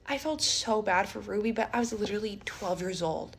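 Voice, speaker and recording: A woman telling a personal story in a storytime vlog, dramatic, speeding up and slowing down, dropping almost to a whisper. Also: medium pitch, creaky, breathy edge. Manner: dramatic, swings between fast and slow, drops to near-whispers.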